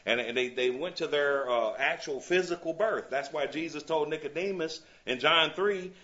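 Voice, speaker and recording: A man's voice: fairly high pitch, moderate pace, pushed and bright. Man teaching a Bible class, slightly muffled. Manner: reads scripture aloud and checks in with "you see?".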